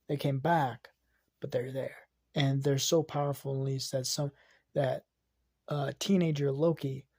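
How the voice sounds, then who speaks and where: Casting: husky man, casual improvised storyteller, dry close sound, halting and restarting. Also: medium pitch, mellow, dry recording. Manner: hesitant, with restarts and drops into a whisper.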